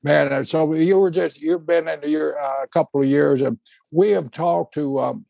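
A man's voice: on the high side, fairly even intonation, normal speed, vocal fry, warm tone, dry recording. A man hosting a casual chat, rambling through old stories with many restarts. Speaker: host.

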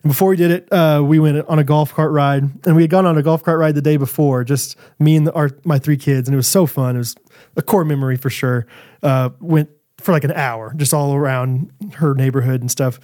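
Animated storytelling man, fairly high voice. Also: brisk. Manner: animated storyteller, laughs often. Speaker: podcast co-host. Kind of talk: casual chat.

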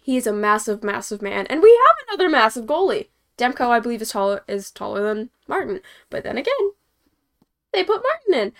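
A young hockey podcast host speaks in a fairly high, sing-song, slightly bright voice at a brisk pace. Chatting casually after the game, she wanders from point to point with many fillers and chuckles.

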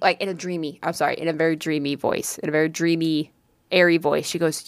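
A young woman co-hosting a casual chat, telling an animated story full of swearing and "like". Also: fairly low pitch, brisk, no echo. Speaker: podcast co-host.

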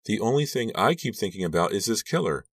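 Man doing a prim worried teen girl, pitched up, close dry mic. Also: lively intonation, fast, slightly rough, dry recording, far from the mic. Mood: anxious. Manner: anxious, prim. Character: anxious prim teenage girl.

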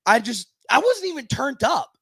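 A man's voice: very high-pitched, moderate pace, slightly rough, dry recording. A man co-hosting a casual sports podcast, telling stories with lots of laughter and acted-out quotes. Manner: animated storyteller, laughs often, acts out quotes. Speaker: podcast co-host.

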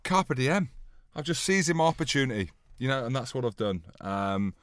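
A man's voice: medium pitch, moderate pace, no room sound, clean studio sound. A man, a rugby player chatting on a podcast panel and telling stories against himself. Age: 30s. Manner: self-mocking, animated storyteller. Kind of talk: casual podcast chat.

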